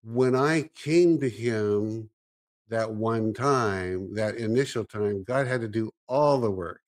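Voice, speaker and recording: A man's voice: on the low side, slow pace. A man, a Christian minister, talking earnestly in a casual conversation and often restarting his sentences as he thinks.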